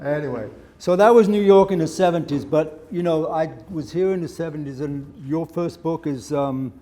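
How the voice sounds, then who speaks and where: An older Englishman hosts an onstage conversation at a live event. He tells his own stories with plenty of animation and frequent laughter. His voice sits a bit high for a man. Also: moderate pace, slight background noise. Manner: animated anecdotes, laughing often. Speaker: interviewer. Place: live event before an audience.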